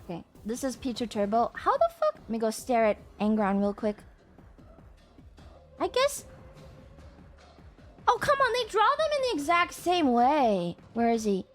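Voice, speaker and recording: A woman's voice: fairly high pitch, huge pitch swings, unhurried, long pauses, faint music behind. A young woman streaming in casual chat, swearing freely and breaking into exasperated outbursts at her chat.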